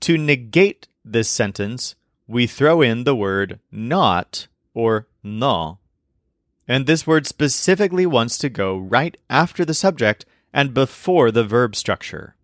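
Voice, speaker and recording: Guy teaching a language lesson, really animated voice, clear explaining, dry close recording. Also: medium pitch, dry recording. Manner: clear explanatory delivery, slows down for example phrases. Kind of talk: scripted lesson narration.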